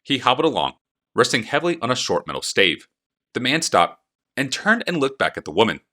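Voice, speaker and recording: A man reading an audiobook with expressive, animated storytelling. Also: mid-range voice, a little fast. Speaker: narrator.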